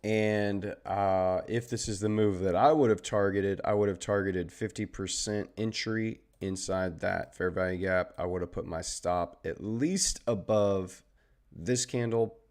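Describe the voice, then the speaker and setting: A man with a very deep voice and a Southern Texan drawl, talking through market charts on a live stream. He keeps it loose and conversational, explaining setups step by step and chatting with the people watching. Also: fairly even intonation, unhurried, darkish tone. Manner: easygoing, chatty, greets viewers and explains charts. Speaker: trading livestream host. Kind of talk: casual live trading commentary.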